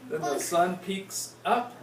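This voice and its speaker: A woman slowly reading a picture book aloud to small children, playful and stopping to ask them questions. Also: on the low side, lively intonation. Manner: slow, playful, asks the kids questions. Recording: roomy, distant, noisy home recording.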